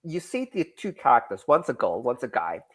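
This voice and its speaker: Comic creator on a podcast, animated and rambling, pitch swinging widely. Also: male voice, fairly quick, breathy edge. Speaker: comic creator, interview guest. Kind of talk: explaining in a casual podcast interview.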